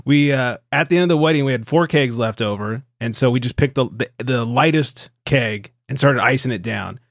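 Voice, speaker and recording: A man's voice: medium pitch, moderate pace, fairly bright tone, dry recording, clean studio sound. A man in his thirties hosting a podcast, talking casually, swearing and laughing often. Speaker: podcast host. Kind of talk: casual chat.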